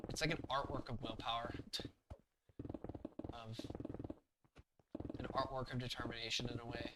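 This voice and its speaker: A man's voice: medium pitch, heavy background noise. A man live-streaming a game, chatting casually with viewers in a rambling, thinking-aloud way full of fillers. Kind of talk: casual live-stream chat while gaming. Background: background music.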